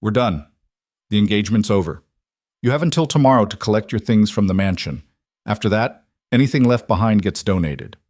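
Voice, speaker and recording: A man's voice: fairly low pitch, lively intonation, a little fast, a little mellow, dry recording, studio quality. Male narrator as cold mafia boss, controlled, clipped lines. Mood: dismissive.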